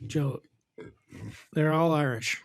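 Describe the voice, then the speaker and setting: A man co-hosting a casual comedy podcast, delivering dry, deadpan jokes. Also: on the high side, no room sound. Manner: dry, deadpan jokes, drawn-out name reading. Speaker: podcast co-host. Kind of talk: casual chat.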